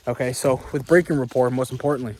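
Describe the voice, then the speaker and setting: A man's voice: mid-range voice, steady tone, fast talker, a little mellow, slight background noise. A man giving casual sales coaching while walking outdoors on hilly ground, emphatic and repetitive, checking in with "okay?" and "right?". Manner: emphatic, repeats words, frequent "okay?" and "right?"; talking while walking, puffs between thoughts.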